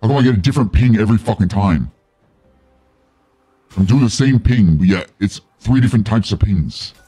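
A low, husky male voice with a wide, swinging pitch, venting in angry, profane bursts. He streams a game live and keeps up a running commentary aimed at his teammates. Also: lively intonation, brisk, dark tone, no room sound, faint music behind.

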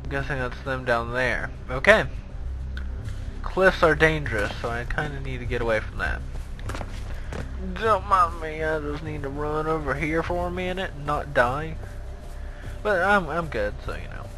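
A young man playing a video game and commenting in a sarcastic, excitable, self-mocking way. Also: fairly high pitch, a little slow, pauses often, music in the background, low-quality recording. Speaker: gaming video host. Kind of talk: let's play commentary.

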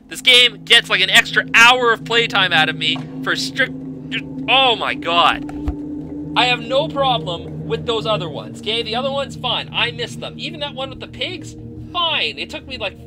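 A man giving exasperated, profane commentary over his gameplay, ranting about hidden collectibles with loud outbursts. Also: high-pitched.

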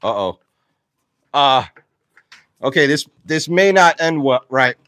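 A man vlogging outdoors while feeding his farm animals, excitable and out of breath, laughing and talking to the animals as he goes. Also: mid-range voice, slow pace, no echo.

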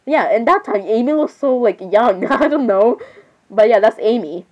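A woman's voice: a little high, expressive, normal speed, darkish tone, muffled recording. Rambling apologetic teen girl gamer. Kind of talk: casual gameplay chat.

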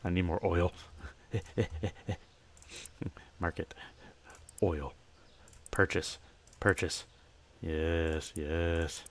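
A man's voice: low-pitched, fairly even intonation, extremely slow, long pauses. A young man giving casual gameplay commentary, chatting to himself and breaking into playful, chirpy shopkeeper greetings to customers. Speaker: gamer.

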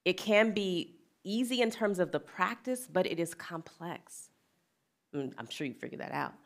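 A middle-aged woman with a slightly low voice talks reflectively as a wellness and equity speaker. Her manner is earnest and plain-spoken, and she moves into personal storytelling with an easy laugh. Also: lively intonation, normal speed.

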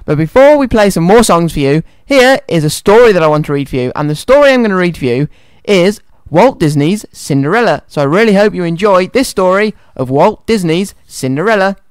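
A man's voice: high-pitched, lively intonation, fairly quick, clean tone, no echo. A man presenting a children's radio show and reading a story aloud in a cheerful, friendly way, in a studio. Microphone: studio microphone.

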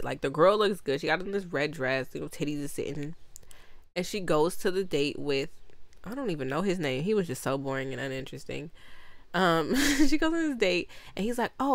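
A young woman with a fairly low voice rambles through a movie recap, stacking "like" fillers, laughing often and swearing bluntly. The sound is dry and close, with no room around it. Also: fairly bright tone, dry recording. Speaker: movie reviewer.

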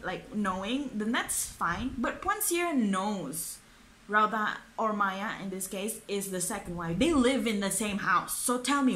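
A woman's voice: medium pitch, bright, forceful tone. Exasperated young woman ranting. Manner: exasperated, swearing, many fillers. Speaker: book reviewer. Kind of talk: ranting book review. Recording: echoey room.

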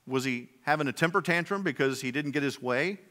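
A male pastor preaching with a high, bright voice that rings through a reverberant sanctuary. He moves from loud, pointed emphasis to hushed, low passages and keeps putting rhetorical questions to the congregation. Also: fairly quick. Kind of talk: sermon. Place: church sanctuary.

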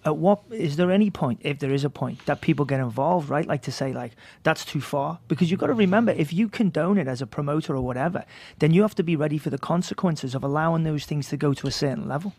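A man's voice: fairly high pitch, lively intonation, quick pace, few pauses, a little mellow, breathy edge, dry recording. A man talking on a casual podcast as a guest, reasoning his points out at length in a thoughtful way. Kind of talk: casual chat.

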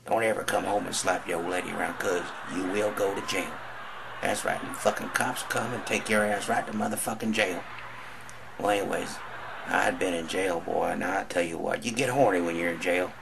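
A man's voice: deep voice, fairly even intonation, moderate pace, vocal fry, noisy background. A man telling a crude stand-up story in a drawling country manner, acting out other voices. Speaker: comedian.

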